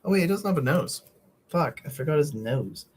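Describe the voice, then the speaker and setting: A man's voice: on the high side, animated, normal speed, slightly rough. A young man streaming from home at night, chatting casually and meandering with lots of fillers and casual swearing while he draws a comic. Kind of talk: casual rambling chat while drawing.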